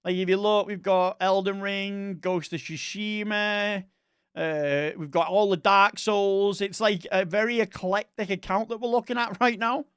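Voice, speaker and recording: A man's voice: sits high, steady tone, a little slow, a bit bright, smooth, no echo, clean studio sound. A young man with an East Scottish accent, chatting casually with viewers on a live stream, rambling and friendly with chat. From Scotland.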